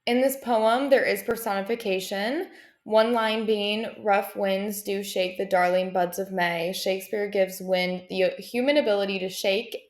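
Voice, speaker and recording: A young woman reading a school presentation aloud, in a steady, careful way with pauses between listed items. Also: medium pitch. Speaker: student presenter. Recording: roomy, echoey sound.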